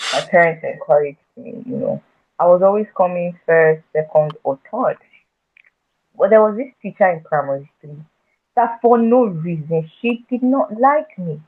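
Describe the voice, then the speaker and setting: A woman guest telling her own story in a conversation, halting and earnest, often restarting and repeating words. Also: low-pitched. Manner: earnest and emotional when recounting her past. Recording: tinny phone-like audio.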